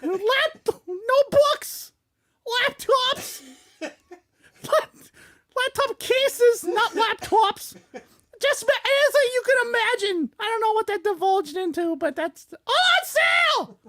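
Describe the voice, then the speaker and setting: Squeaky giggly woman hamming an ad read. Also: lively intonation, takes it slowly, fairly bright tone, dry recording. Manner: silly, giggly, hamming it up in a put-on voice. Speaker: podcast co-host. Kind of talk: goofy sponsor read on a fan podcast.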